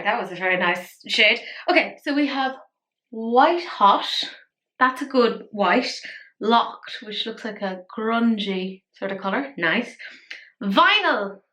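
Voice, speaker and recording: Speaking a little slowly in a high, animated voice, a weary beauty vlogger walks through a casual makeup tutorial. Her tone is bright and forceful, and she's chatty, playful, and self-mocking.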